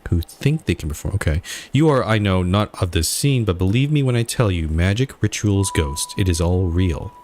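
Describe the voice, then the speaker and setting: A man putting on a French accent to read the lines of a formal French gentleman in a game. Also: deep voice, expressive, moderate pace, hardly any pauses. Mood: earnest. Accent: put-on French.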